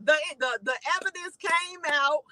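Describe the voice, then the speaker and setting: A Chicago-accented woman hosting a commentary channel, with a high, very bright, sharp voice. She speaks emphatically and turns heated, pushing into shouts. The sound is dry and close, with no room around it. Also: moderate pace, no room sound, rough recording. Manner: emphatic, heated, rising to shouts when indignant. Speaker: channel host giving commentary. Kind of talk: commentary rant to viewers.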